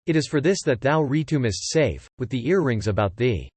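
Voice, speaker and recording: A wise old preceptor from an ancient epic storybook, read by a man, explaining calmly in archaic English. His voice is mid-pitched and heard close and dry. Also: moderate pace, husky, no room sound. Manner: calm, explanatory archaic speech. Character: wise old male preceptor, calm teacher.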